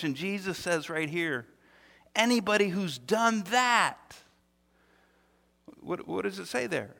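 High, bright-voiced preacher in a hall. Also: male voice. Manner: animated, repeats words, acts out quotes. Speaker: pastor. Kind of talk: sermon.

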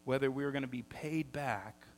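A middle-aged man preaching a sermon as pastor, telling stories with lively energy and often repeating words as he starts sentences. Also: mid-range voice, normal speed, creaky, slight background noise. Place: church sanctuary. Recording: long hall reverb.

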